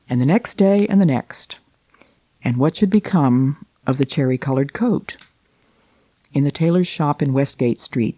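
A man reading a classic children's Christmas story aloud in a gentle, unhurried voice with dramatic slowing. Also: medium pitch, no echo.

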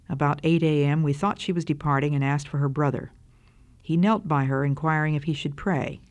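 An earnest woman gives a devotional talk. She speaks gently and reads long passages from a memoir aloud. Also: deep voice, normal speed.

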